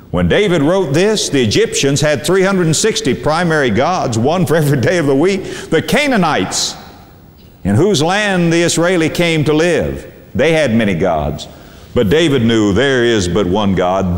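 A middle-aged man, a pastor, preaching a sermon with emphatic, preacherly delivery and dramatic slowdowns on key words. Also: on the high side, sing-song. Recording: long hall reverb.

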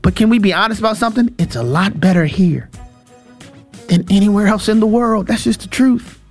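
A man's voice: high-pitched, brisk, darkish tone, faint music behind. A middle-aged man hosting a show, giving an emphatic, opinionated commentary monologue with repetitions and chuckles. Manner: emphatic, repeats himself, chuckles. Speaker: show host.

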